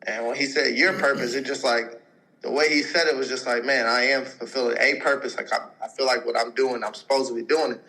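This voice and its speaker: This is a young man in his twenties with a forceful, bright tone, telling his story in a relaxed and casual way. He rambles, leans on filler words, and acts out what other people said to him. His pitch sits in the ordinary middle range for a man. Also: a little fast, creaky, low-quality recording. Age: 20s. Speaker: podcast guest, pro football player.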